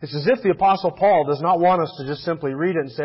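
High-voiced man preaching, punchy, asks the crowd lots of questions, muffled radio sound. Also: fast, breathy edge. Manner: emphatic, uses rhetorical questions. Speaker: pastor. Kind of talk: sermon.

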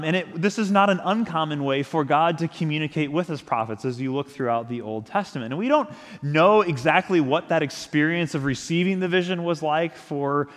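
A man preaching a sermon as pastor, speaking in a reflective, conversational way with small restarts. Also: fairly high pitch. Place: church sanctuary. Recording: long church-hall reverb.

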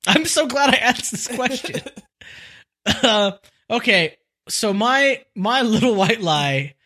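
Lively, slow-talking young man chatting. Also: very high voice. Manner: laughs often, rambling with many fillers. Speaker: podcast co-host. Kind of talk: casual chat.

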